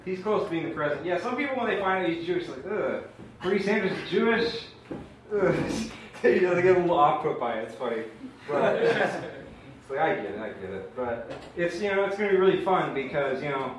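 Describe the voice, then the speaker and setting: Rambling young man doing open mic stand-up. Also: on the high side. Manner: rambling, self-deprecating, many fillers. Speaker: stand-up comedian. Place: small open mic room, audience laughing. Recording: echoey live room bootleg from far off.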